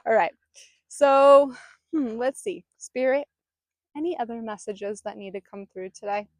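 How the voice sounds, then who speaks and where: A woman who hosts a spiritual vlog, speaking outdoors in a calm, soothing way with bursts of mock panic. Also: on the high side, a little slow, no room sound, clean studio sound. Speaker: spiritual guide and channeler. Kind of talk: casual spiritual talk to camera.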